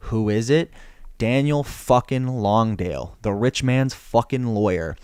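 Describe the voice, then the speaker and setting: A man's voice: mid-range voice, unhurried, darkish tone, smooth, dry recording, studio quality. A young man casually recapping a film plot, swearing freely and rambling as he tells it. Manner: profane, rambling storyteller. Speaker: film reviewer.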